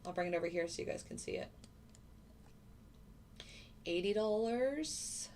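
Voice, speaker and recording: A woman hosts a live stream in a relaxed, casual way, greeting viewers by name as she talks. Her voice sits at a medium pitch. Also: a little slow, slight background noise. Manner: chatty, answers viewers by name. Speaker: livestream host. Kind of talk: casual livestream chat.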